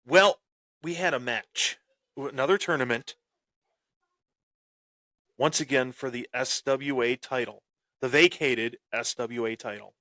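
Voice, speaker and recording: A man speaks as his wrestling persona on a podcast, boastful and taunting as he recounts old rivalries. His delivery is unhurried and drawn out. The recording is dry and close, with no room sound. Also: medium pitch, sharp tone, no echo. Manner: swaggering, taunting, dramatic. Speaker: podcast host. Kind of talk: boastful in-character wrestling storytelling.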